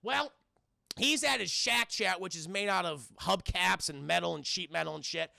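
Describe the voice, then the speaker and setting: A man recapping a film scene by scene for his stream chat, profane and animated, jumping into quick character voices. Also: sits high, vocal fry, no room sound, studio quality. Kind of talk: casual spoiler recap.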